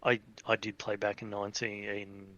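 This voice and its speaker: A man's voice: on the low side, completely flat delivery, normal speed, sharp tone, dull audio. A middle-aged Australian man co-hosting a casual podcast, with wry dry humour. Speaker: podcast co-host. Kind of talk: casual group chat.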